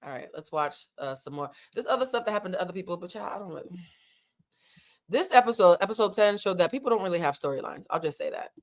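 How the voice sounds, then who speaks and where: A woman's voice: fairly low pitch, expressive. Brash, swearing woman recapping reality TV. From United States. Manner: candid, brash, swears freely, quick asides. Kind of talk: casual profane recap commentary.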